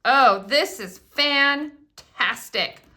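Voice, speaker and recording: A chatty woman in middle age gushes over each new craft item she unboxes, thrilled and talkative. Her voice is a little higher than most and sharply bright. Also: drawn-out words. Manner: gushing, excitable, chatty. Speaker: craft product demonstrator. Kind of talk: casual unboxing chat.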